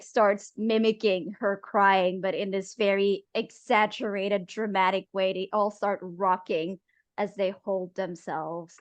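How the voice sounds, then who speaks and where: A woman narrating as game master of a tabletop game. She speaks slowly and haltingly, pausing often. The sound is dry and close. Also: medium pitch, no echo. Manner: halting, many filler pauses.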